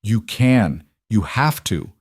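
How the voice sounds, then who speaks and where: A man voicing a wounded cowboy, calm and stubborn, speaking in terse, clipped lines in a dry, close recording. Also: on the low side, slow, no room sound, exaggerated voice. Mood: steady.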